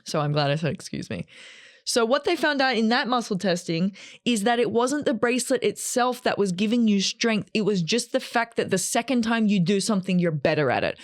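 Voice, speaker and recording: A woman's voice: medium pitch, fairly quick, no echo. Chatty woman in her thirties, dry sound. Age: 30s. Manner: chatty and animated, acts out quotes. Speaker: vlogger. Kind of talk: casual personal storytelling.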